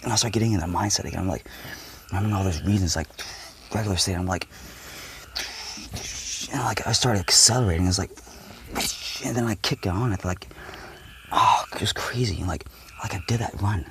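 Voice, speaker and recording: A man casually telling a story from his school years, acting out the voices and swinging from whispers to shouts. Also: low voice, a little fast, pauses often, noisy background. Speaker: vlogger.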